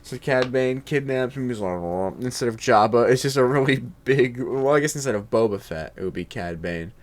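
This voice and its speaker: Casual male host, rambling and filler-heavy, joking, mid pitch. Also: a little fast, a little hiss or hum. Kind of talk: casual chat.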